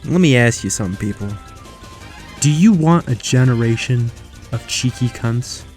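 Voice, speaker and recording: A man's voice: mid-range voice, animated, moderate pace, darkish tone, faint music behind. A man hosting a comedy video, delivering a profane, over-the-top rant of mock outrage. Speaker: comedy YouTuber host.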